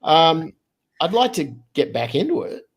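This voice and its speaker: A man in his fifties, originally from Australia, telling a personal story as a podcast guest in a lively, casual way, often restarting his phrases. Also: fairly high pitch, a little hiss or hum. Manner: animated, quick storyteller who restarts phrases.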